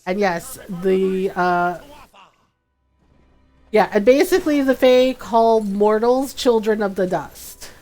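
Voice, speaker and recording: A woman streaming a game and chatting casually with viewers, bubbly and talkative and quick to laugh. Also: medium pitch, dark tone, soft background music. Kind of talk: casual gameplay chat.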